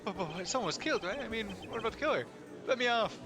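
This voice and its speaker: A man voicing a frantic, rude male airplane passenger, shrill and loud, with game music behind. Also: very animated, fast. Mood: panicked. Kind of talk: voicing game dialogue on stream.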